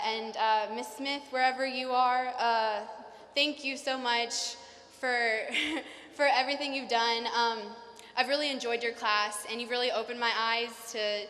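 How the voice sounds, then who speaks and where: Young woman, nervous graduation speaker, high and bright, long hall echo. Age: young adult. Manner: nervous, fast, many fillers. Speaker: salutatorian giving a graduation speech. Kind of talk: graduation speech. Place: large hall. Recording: reverberant hall.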